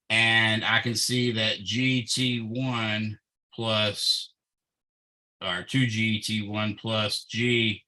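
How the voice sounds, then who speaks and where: Male physics tutor, low and bright-toned, unhurried, methodical, talking through the math aloud. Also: low-quality recording. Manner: slow and methodical, thinking aloud with fillers. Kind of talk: working through a problem aloud.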